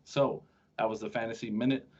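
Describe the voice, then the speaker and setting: A man with a slightly husky voice hosts a casual sports show, talking fast and joking with his co-host. The recording sounds dull and lo-fi. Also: medium pitch, fairly even intonation, darkish tone. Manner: chatty, joking, quick-talking with restarts. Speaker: podcast host.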